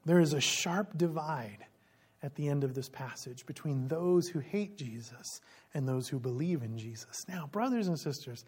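A preacher giving an expository sermon in a lively way, asking the listeners questions and laughing now and then. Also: mid-range voice, moderate pace, slightly rough.

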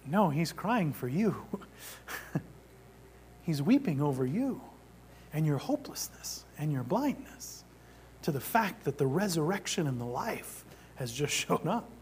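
A male pastor preaching a sermon, shifting between animated emphasis and quiet, almost whispered passages. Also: on the high side, measured pace, pauses often, a little hiss or hum. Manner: dynamic preaching, drops to near-whisper for emphasis.

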